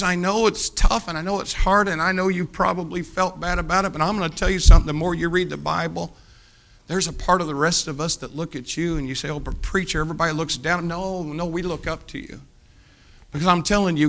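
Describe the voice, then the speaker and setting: An older man preaching a sermon, telling stories, moving between hushed asides and emphatic points. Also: high voice, creaky.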